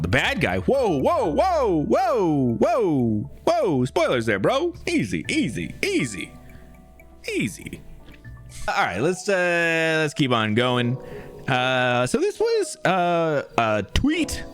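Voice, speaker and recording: A man reacting casually to gaming news on a live stream, rambling, swearing and talking to his chat. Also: medium pitch.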